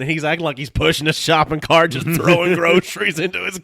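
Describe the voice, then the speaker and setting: A man's voice: fairly high pitch, brisk, creaky, dry recording, studio quality. A man co-hosting a podcast in casual chat, telling stories with lots of laughs. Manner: animated storytelling, laughs often. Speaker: podcast co-host.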